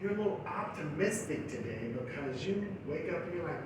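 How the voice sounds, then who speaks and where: A man's voice: on the high side, expressive, fairly quick. A tired man ranting casually and angrily to his camera, cursing often and venting his frustration. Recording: echoey room with noise, mic far off.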